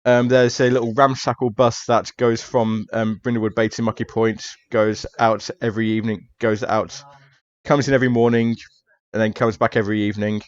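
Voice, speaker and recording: A man's voice: fairly low pitch, flat delivery, fairly quick, highs cut off. A man running a tabletop mystery game as game master, narrating hesitantly with many fillers.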